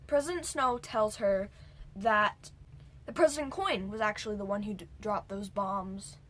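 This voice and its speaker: A woman's voice: mid-range voice, normal speed, a bit bright. A young woman casually recapping a movie for her vlog, rambling and jumping between points with whispered asides. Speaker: movie reviewer.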